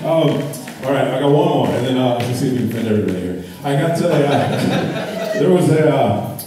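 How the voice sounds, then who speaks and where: A man doing a stand-up comedy set on stage, talking in a deadpan, rambling way with lots of fillers. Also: medium pitch, a little fast, noisy background. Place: theater stage. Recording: echoey theater, distant mic, crowd laughter. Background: audience laughter.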